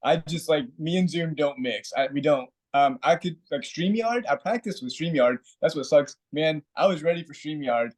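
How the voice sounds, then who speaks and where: A man with a slightly higher voice chats as a guest over a video call. He restarts his sentences and jokes at his own expense. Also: a little mellow. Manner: halting, self-deprecating. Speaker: actor, guest. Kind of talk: casual chat.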